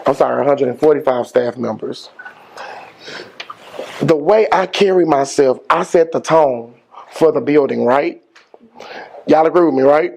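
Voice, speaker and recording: A middle-aged man, a school principal giving an energetic motivational speech with call-and-response and slangy phrasing. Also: a little high, a little slow, gravelly, pauses often. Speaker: high school principal, guest speaker.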